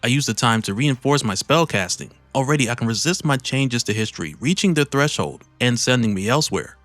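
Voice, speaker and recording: A man's voice: mid-range voice, animated, fairly quick, fairly bright tone, dry recording, faint music behind, lightly acted. A man reading the lines of an imperious armored villain monarch in a grand, formal, commanding way. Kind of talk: read-aloud comic narration.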